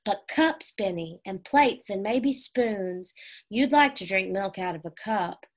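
A gentle young girl from a children's storybook, patient and soft as she explains things to her little brother, as a woman reads her lines. Her voice stays close to the reader's own. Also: medium pitch, animated, slow.

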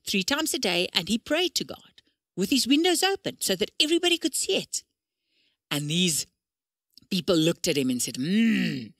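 A woman telling a Bible story to children, animated and expressive as she reads and explains. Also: mid-range voice, no echo, clean studio sound. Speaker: children's church speaker.

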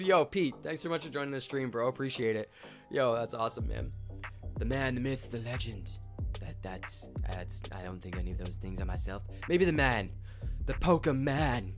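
A hyped young Canadian man with a medium-pitched voice hosts a casual livestream chat. He talks in slang and shouts out chat viewers by name.

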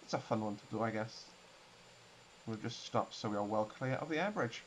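A man's voice: lowish voice, normal speed, slight background noise. A young man chatting casually through a flight simulator session, rambling and explaining as he goes. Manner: chatty, rambling, laughs, restarts a lot. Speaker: flight sim streamer. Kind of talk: casual gameplay commentary.

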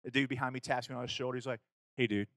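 Speaking rapid-fire in a mid-range voice with no echo, a Kentucky man shares a personal story with young listeners. He's an animated storyteller who acts out the dialogue, keeping it casual with fillers and self-corrections.

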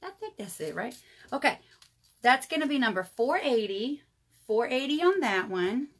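On her live jewelry sales stream, a woman in her 30s talks at a moderate pace in a fairly high voice, very animated as she chats with viewers she calls y'all. She is the jewelry seller.

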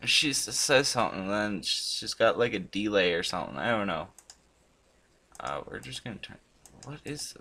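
A man hosting a gaming channel, chatting casually and rambling as he plays, swearing often and breaking into sudden loud outbursts. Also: on the low side, lively intonation, normal speed. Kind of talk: casual commentary while playing a chatbot.

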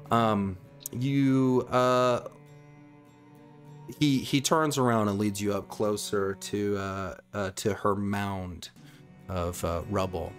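A man's voice: on the low side, fairly even intonation, takes it slowly, soft background music. A man narrating as game master of a tabletop role-play game, rambling and full of ums.

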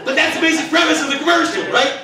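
An older man works a stand-up set with a high, punchy voice and a mock-indignant edge. He sounds set back from the mic, his voice ringing around a big theater, with loud audience laughter behind him. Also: steady tone, very fast, crowd noise. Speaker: stand-up comedian. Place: large theater stage. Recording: echoey theater from a distance.

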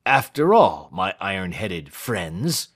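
A moody young gentleman, buried in debts and in love, speaks low and quietly with flashes of impatience, as a man reads him. The voice sits a bit under the narrator's usual tone and moves slowly, with a lively rise and fall. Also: heavily acted.

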